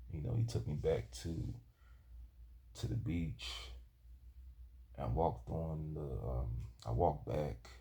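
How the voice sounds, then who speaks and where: A man telling a personal story from his youth in a halting, rambling way, often restarting his sentences. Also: extremely low pitch, creaky, mellow. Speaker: vlogger.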